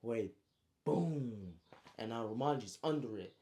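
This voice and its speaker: A man casually recapping his own story, slangy and animated, with frequent asides. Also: medium pitch, normal speed.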